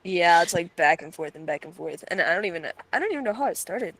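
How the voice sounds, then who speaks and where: A woman's voice: on the low side, lively intonation, fast, a bit bright, dry recording. A teenage girl co-hosting a stream, chatting casually in a dramatic, exasperated, teasing way. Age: teens. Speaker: stream co-host. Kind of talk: casual chat.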